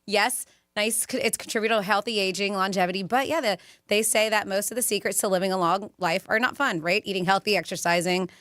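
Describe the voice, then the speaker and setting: Bright, giggly woman radio co-host. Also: medium pitch, steady tone, fairly quick, no echo, clean studio sound. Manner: giggly, chatty. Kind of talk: casual radio banter, reading fun facts.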